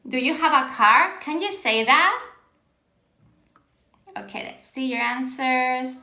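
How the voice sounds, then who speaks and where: High, bright-voiced woman teaching Spanish. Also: expressive, slow pace, echoey room. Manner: encouraging, reads out viewer answers with frequent praise; laughs often, mixes English and Spanish. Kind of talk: live-streamed language lesson. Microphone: phone on a live stream.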